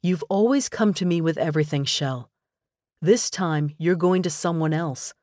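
A woman's voice: low-pitched, normal speed, a little mellow, dry recording, clean studio sound, natural voice. A female narrator voicing a young man who is a loyal lifelong best friend, speaking steadily and frankly. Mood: coaxing.

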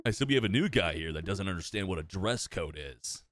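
A man voicing a commanding male cult leader in a slow, theatrical villain delivery. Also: low-pitched, animated, a bit bright, a faint crowd, pitched below the performer's own voice. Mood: menacing.

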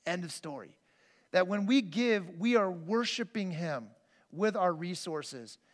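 A man's voice: sits high, animated, a little slow. A man preaching a conversational sermon as pastor, telling personal stories in an earnest way with frequent restarts. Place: church sanctuary. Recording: long reverb of a church hall.

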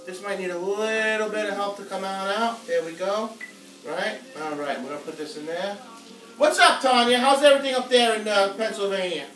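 Jokey guy cooking live on stream, kinda bright voice, faint music behind, a bit far from the mic. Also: high voice, fairly quick. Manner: playful, jokey, chatty with viewers. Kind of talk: casual live cooking chat. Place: home kitchen. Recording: echoey room, mic at a distance, music playing faintly.

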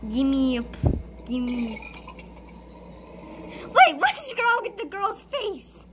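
Woman gamer, high voice, swooping pitch, panicky and screamy, noisy background. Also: big pitch swings, takes it slowly. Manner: panicky, screams and pleads a lot. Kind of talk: live gameplay commentary.

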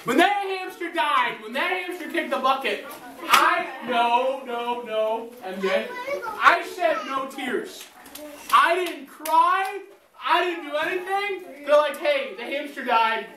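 A woman telling a story to children in church, animated and asking them questions. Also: high voice, takes it slowly, background noise. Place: large church hall. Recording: echoey hall, recorded from far off.

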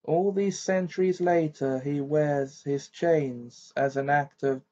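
A man's voice: fairly high pitch, fairly even intonation, takes it slowly, warm tone, pitched above the performer's own voice. A man reading the lines of a proud, bitter female ghost in an amateur audiobook, with a stiff, clipped delivery. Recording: dull lo-fi recording.

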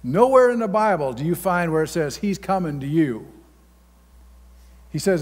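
Speaking at normal speed in a fairly high, expressive voice, this man pastor preaches in a plain-spoken, folksy way with abrupt loud outbursts. The recording carries the long reverb of a large church hall.

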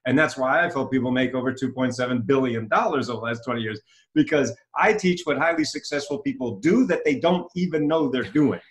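A man's voice: mid-range voice, brisk. A man talking as a self-help author and coach in an interview, eagerly explaining his method and repeating phrases as he goes. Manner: enthusiastic, self-promoting, repeats himself. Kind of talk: promotional interview talk.

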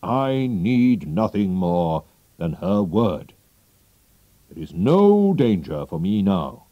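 Proud, fretful king read by a male narrator, low, slow, close and dry. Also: very animated, dry recording, highs cut off, full character voice. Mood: relieved. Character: proud, anxious male king, middle-aged.

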